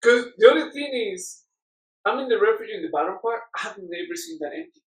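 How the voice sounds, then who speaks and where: Animated man, high voice, roomy distant sound. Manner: animated, halting storytelling with many restarts. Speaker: co-host recounting a climb. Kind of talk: casual chat.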